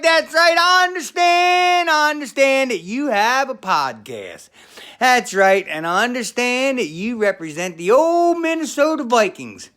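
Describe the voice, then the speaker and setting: A former pro wrestler, a man, giving a loud congratulatory shout-out in a hollering, sing-song manner. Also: extremely high pitch, clean tone. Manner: hollering, sing-song, calls everyone brother. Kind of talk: loud congratulatory video message.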